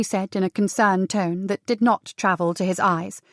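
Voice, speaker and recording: Casting: woman audiobook narrator, measured and expressive, mid pitch, dry close recording. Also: dry recording.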